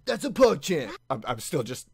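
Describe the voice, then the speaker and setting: A man giving casual reaction commentary on an anime finale, excitable and often laughing. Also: a little high, moderate pace, creaky, breathy edge, dry recording. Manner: excitable, laughing, with frequent restarts.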